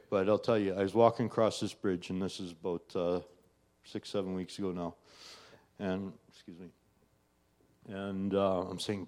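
Deep and darkish, with fairly even intonation, this middle-aged man speaks at a normal speed. He gives a personal testimony of faith in a chatty way, regularly adding "you know" and "right?".

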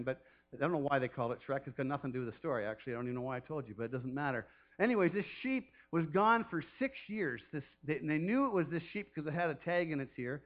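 A man's voice: fairly high pitch, narrow, tinny audio. A man preaching a sermon off the cuff as a pastor, chatty and rambling, who often laughs and throws in playful calls.

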